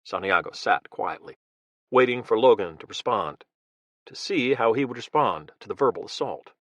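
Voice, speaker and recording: A man reading a thriller audiobook in a steady, measured narration. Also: lowish voice, dry recording.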